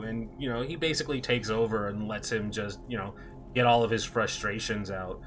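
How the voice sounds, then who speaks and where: A man in a relaxed chat among friends, his voice bright and forward in tone. He talks in a curt, clipped way that sounds sarcastic even when it isn't meant to. There's a barking, drill-sergeant edge to it, and he laughs often between lines as he tells his story. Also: mid-range voice, fairly quick. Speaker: airport security officer telling a work story. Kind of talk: casual chat among players.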